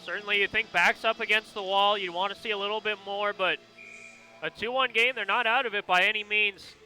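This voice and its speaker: Color analyst, high and very bright male voice, reflective. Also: steady tone, fairly quick, faint music behind, rough recording. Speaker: color commentator.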